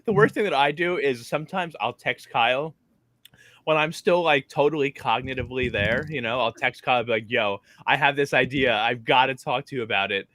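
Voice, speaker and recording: A man co-hosting a reality TV podcast, chatting casually and telling rambling, animated stories. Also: mid-range voice, fairly quick, no room sound. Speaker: podcast co-host. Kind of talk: casual chat.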